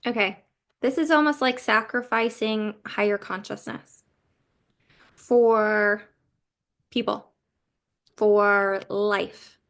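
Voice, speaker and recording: A woman talks her way through a spiritual card reading in a loose, conversational manner. Her pitch sits in a middle range, and she drifts between thoughts with many pauses and "like"s. It sounds like a relaxed one-on-one reading. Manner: chatty, meandering, with frequent "like" and pauses. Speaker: intuitive card reader.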